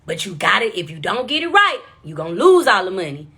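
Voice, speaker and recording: A teasing, blunt game-show host man, as a Texan woman puts him on in her own husky voice. He cracks jokes and bosses the contestant around, and his pitch swings widely. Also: very animated, fairly quick, sharp tone, heavily acted. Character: joking, bossy middle-aged male game-show host.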